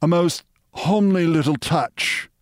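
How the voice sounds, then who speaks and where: A man doing a silky, soft-spoken crime boss. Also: fairly high pitch, unhurried, no room sound, studio quality, voice pushed up, natural voice. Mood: suave.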